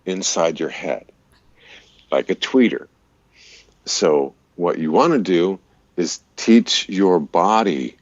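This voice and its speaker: A man, a voice-over artist and radio DJ, chatting in an interview and explaining voice technique in an easy way, with a deep, resonant voice. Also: big pitch swings, takes it slowly, dry recording, lo-fi sound. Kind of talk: casual interview chat.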